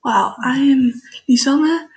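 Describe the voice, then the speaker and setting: A teenage girl with a Dutch accent, speaking English as a second language. Her voice sits high, and she introduces herself in a slow, hesitant way, with plenty of ums and uhs. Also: rough recording. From Netherlands. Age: teens. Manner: slow, hesitant, with many fillers. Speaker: vlogger. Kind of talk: casual self-introduction.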